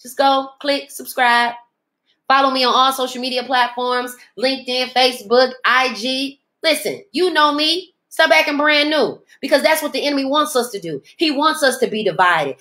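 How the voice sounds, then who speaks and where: Emphatic, bright-voiced woman podcast host. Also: sits high, normal speed. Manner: emphatic, preachy, speaks in dialect, mimics others in asides. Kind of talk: preachy motivational monologue.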